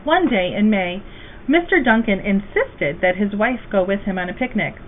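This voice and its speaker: A woman reading a children's storybook aloud as a guest reader, slow, gentle and expressive. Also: medium pitch. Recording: tinny phone-like, faint hiss.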